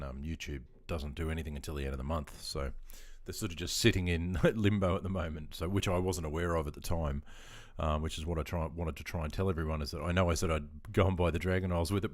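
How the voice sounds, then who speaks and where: An Australian man streaming live, chatting casually in a relaxed, rambling way with frequent ums and chuckles. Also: very deep voice, dry recording, clean studio sound.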